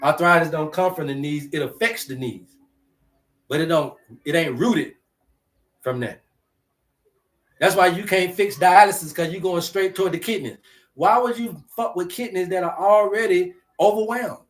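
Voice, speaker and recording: Male host, higher voice; preachy, repetitive livestream teacher addressing viewers. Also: normal speed. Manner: preachy, repetitive, slangy, talks to chat.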